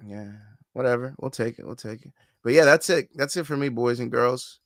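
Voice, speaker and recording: A man's voice: medium pitch, fairly quick, no echo, studio quality. A man hosting a casual livestream, reading chat comments aloud, swearing freely and laughing often. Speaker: host.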